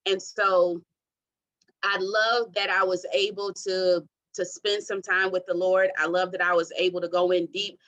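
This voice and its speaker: A woman in her thirties from Detroit, a podcast guest telling her story in an expressive, testimony-style way. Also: lowish voice, a little slow, rough recording. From Detroit, USA. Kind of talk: faith-centered interview talk.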